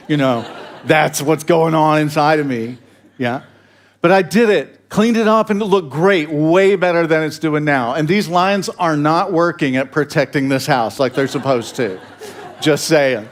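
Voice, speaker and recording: A male pastor with a fairly high-pitched voice tells a story in his sermon. He talks casually, with fillers and restarts. He pokes fun at himself and chuckles along the way. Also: normal speed. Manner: humorous, self-deprecating, chuckling asides.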